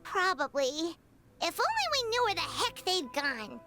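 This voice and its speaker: A woman voicing a tiny excitable female fairy companion in a game, with a very high, squeaky, bouncy voice, heard over loud game music. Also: unhurried, full character voice. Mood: curious.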